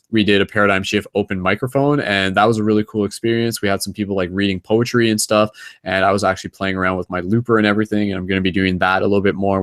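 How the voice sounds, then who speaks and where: Low-voiced man hosting, dry and close. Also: no room sound. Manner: loose, with many fillers and restarts. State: a little tired. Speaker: host of an online group hangout. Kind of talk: casual rambling group chat.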